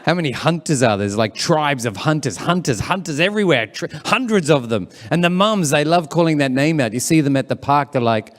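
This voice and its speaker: A man's voice: on the high side, animated, brisk, few pauses, big-room sound. A man hosting an event as a comedian, chatty and teasing the crowd live. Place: live event room with audience.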